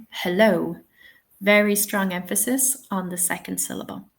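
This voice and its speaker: A woman running a teaching webinar, encouraging and checking in often with "okay?" and "yeah?". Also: mid-range voice. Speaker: TEFL trainer.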